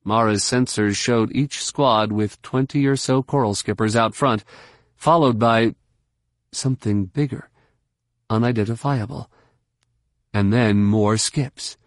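A man narrating an audiobook in a brisk, steady storytelling manner. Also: fairly low pitch, no room sound, clean studio sound. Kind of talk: scripted narration.

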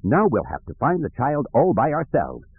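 A man's voice: medium pitch, wildly swooping pitch, moderate pace, breathy edge, voice pushed up, full character voice. A man doing a gloating imperial villain. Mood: irritated. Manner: snappish, mocking. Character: gloating ruthless imperial officer, male adult. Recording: dry tinny phone-like recording.

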